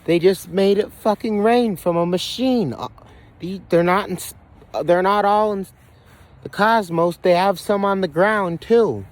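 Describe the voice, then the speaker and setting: A man's voice: high voice, measured pace. A man ranting in a rambling, profane monologue, restarting sentences and repeating himself, recorded outdoors on a phone. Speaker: vlogger. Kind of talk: conspiracy monologue.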